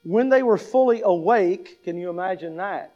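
A man with a high voice preaches a sermon. He is emphatic, repeats his key lines and puts questions to the congregation. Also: normal speed, highs cut off. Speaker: pastor.

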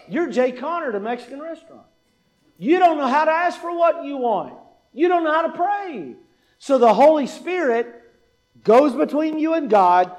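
A man's voice: extremely high pitch, a little mellow. A male pastor preaching a sermon in a church, emphatic, asking rhetorical questions and repeating key points.

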